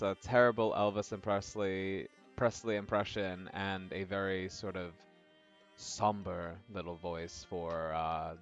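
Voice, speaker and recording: A man streaming a game, chatting casually with his viewers in a rambling way. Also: sits low. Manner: chatty, rambling, frequent fillers and laughs. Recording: dull lo-fi audio with faint music.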